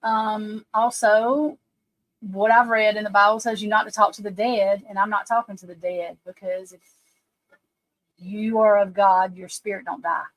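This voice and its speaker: A woman's voice: mid-range voice, fairly even intonation, normal speed, rough recording. A woman psychic card reader talking casually on a livestream, rambling and emphatic, speaking straight to her listeners.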